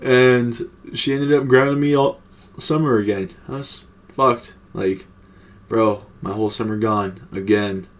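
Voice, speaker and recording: A man's voice: mid-range voice, steady tone, unhurried. A young man telling a casual, slangy, profane story to his vlog audience. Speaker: storytime vlogger.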